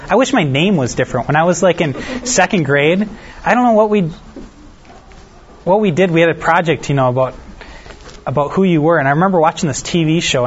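Relaxed man teaching scripture, lo-fi. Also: a little high, a little hiss or hum. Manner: reads scripture aloud, then explains it in a relaxed, self-deprecating way; asks the listeners questions. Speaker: Bible study teacher. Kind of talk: conversational Bible teaching. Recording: dull lo-fi recording.

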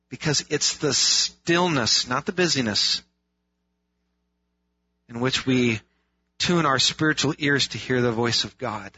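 A man's voice: medium pitch, measured pace, pauses often, bright, forceful tone, breathy edge. A man preaching a sermon in an earnest way, asking rhetorical questions and repeating phrases for emphasis. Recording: dull lo-fi sound.

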